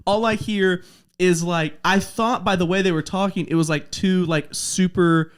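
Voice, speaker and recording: A man's voice: high-pitched, moderate pace, clear, resonant tone. A man hosting a casual podcast chat, telling a funny story with lots of laughs and acted-out quotes. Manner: animated, acts out quotes, laughs often. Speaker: podcast host.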